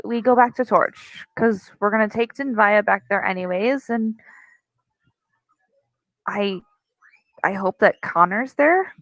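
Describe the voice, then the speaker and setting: A woman's voice: medium pitch, a bit bright, no room sound, poor audio. A woman playing her character in a tabletop game, teasing and playful. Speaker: player. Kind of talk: tabletop role-play.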